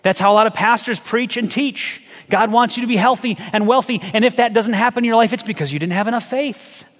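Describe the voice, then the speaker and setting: A man preaching a sermon as a pastor, conversational and animated, firing off rhetorical questions. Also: very high-pitched, brisk, big-room sound.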